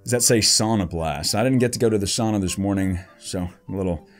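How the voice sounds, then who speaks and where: A man giving casual card-opening commentary, listing card names in a low mutter and breaking into excited outbursts and jokey asides. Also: fast, faint music behind. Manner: jokey asides about the cards. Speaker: YouTuber opening trading card packs.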